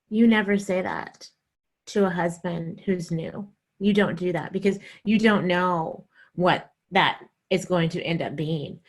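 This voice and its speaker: Comedian, woman from the South, lively stand-up storyteller who plays out each quoted voice. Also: medium pitch, unhurried. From American South. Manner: animated, acts out quoted voices.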